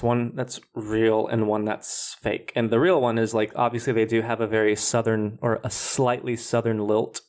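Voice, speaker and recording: A man's voice: on the low side, a little mellow. A man co-hosting a podcast, explaining his views in a casual, hesitant way with frequent fillers. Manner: explanatory, hesitant with many ums. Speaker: podcast co-host. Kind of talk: casual chat.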